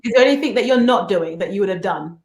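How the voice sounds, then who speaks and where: A woman's voice: mid-range voice, lively intonation, fast, darkish tone. A woman co-hosting a podcast, chatting casually and animatedly with playful teasing. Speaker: podcast co-host. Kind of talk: casual chat. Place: home in the States. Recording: roomy echo.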